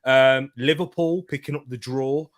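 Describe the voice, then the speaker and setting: A man co-hosting a casual football podcast, animated and quick to laugh, often restarting his sentences. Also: mid-range voice. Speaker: podcast co-host.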